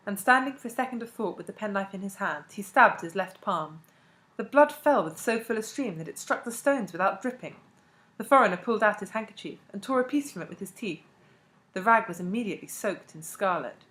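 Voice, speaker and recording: A woman narrating a classic novel as an audiobook, in a measured and expressive way. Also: medium pitch. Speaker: audiobook reader.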